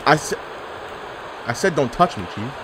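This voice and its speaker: Young male gaming commentator, lively pitch, sarcastic trash talk, faint background noise. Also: normal speed. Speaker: gaming YouTuber. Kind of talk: live gameplay commentary.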